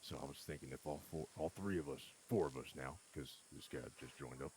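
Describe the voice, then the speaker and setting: A man's voice: very deep voice, fairly quick, darkish tone, slight background noise. A man playing a scheming outlaw who hatches a robbery plot with his new gang. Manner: conspiratorial, bossy gang leader. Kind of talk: role-play in an online western game.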